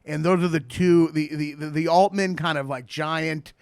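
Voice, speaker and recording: Quick-talking man with a lisp, gravelly edge. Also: on the high side, dry recording, studio quality. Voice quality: slight lisp. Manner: quick, animated, teasing, laughs often. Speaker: podcast host. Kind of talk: casual chat.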